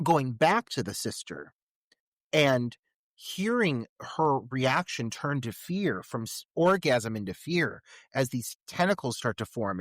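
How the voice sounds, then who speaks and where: A man's voice: mid-range voice, a bit bright, no room sound. Eager man breaking down a film. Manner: enthusiastic, analytical. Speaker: podcast co-host. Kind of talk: casual film discussion.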